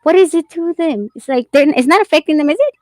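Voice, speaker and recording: A woman hosting a casual chat, talking in a quick, chatty and encouraging way. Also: high voice, lively intonation, no echo, clean studio sound.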